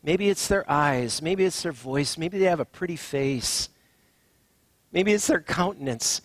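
Guy preaching a sermon, slow and husky, dry close sound, goes from hushed to loud. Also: a little high, expressive, no echo. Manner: preaching with dramatic swings from hushed to emphatic. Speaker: pastor.

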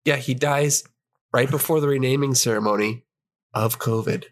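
Goofy deadpan man improvising. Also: mid-range voice, normal speed. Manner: goofy, escalating deadpan answers. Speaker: podcast co-host. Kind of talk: improvised comedic pitch.

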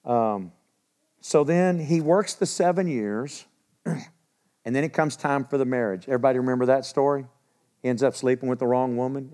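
A man's voice: medium pitch, darkish tone. Man giving a casual Bible talk. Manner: conversational, with rhetorical questions and frequent throat-clearing. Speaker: Bible teacher.

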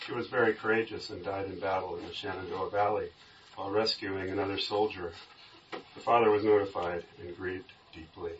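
Man, low voice, steady story reading, Bible study group, distant mic, muffled, faint hiss. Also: fairly quick. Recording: distant dull room recording.

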